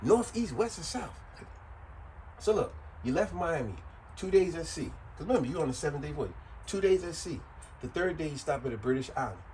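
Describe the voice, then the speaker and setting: A man explaining things in a casual, joking way, circling back and repeating himself. His voice swings widely in pitch and sits a little high, and it sounds animated. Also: fast, a little hiss or hum, rough recording. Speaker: vlogger.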